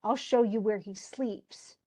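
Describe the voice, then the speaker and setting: A woman's voice: mid-range voice, steady tone, takes it slowly, warm tone. A woman voicing a bitter, scheming male island monster, pleading in old-fashioned verse.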